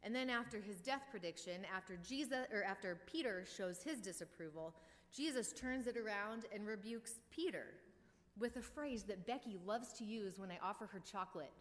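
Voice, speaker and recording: A woman delivers a sermon in a relaxed, conversational way, dropping wry jokes between points. Her voice sits at an ordinary middle pitch for a woman. A long reverb trails behind her words, as in a church. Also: normal speed. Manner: casual and wry, with joking asides. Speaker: preacher.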